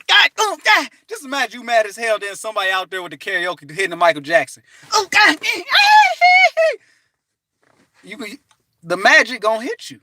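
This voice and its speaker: A man giving an animated, preachy motivational talk from his parked car, breaking into bits of song and laughter. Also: sits high, no echo. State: hot and restless. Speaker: vlogger.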